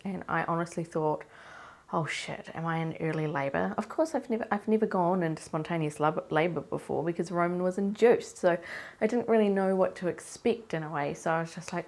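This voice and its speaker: A young woman speaks to her camera in a loose, rambling diary style, her voice stuffy and blocked from a cold. She talks in a fairly low register for a woman, circling through worried questions and restarting her sentences as her nerves show. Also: gravelly. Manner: anxious, rambling, self-questioning. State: congested from a cold. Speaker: vlogger. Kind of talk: casual diary vlog.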